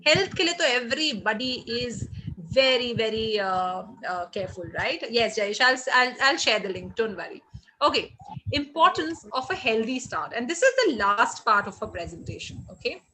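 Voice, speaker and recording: Energetic Indian woman teaching online. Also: fairly high pitch, normal speed, low-quality recording. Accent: Indian English. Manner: energetic, encouraging, reads chat aloud. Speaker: hospitality trainer. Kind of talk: live online training session. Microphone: video call.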